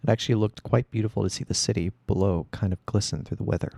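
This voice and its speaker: A man reading a first-person story aloud in a steady storytelling voice. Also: on the low side, quick pace, gravelly, no room sound. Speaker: audiobook reader.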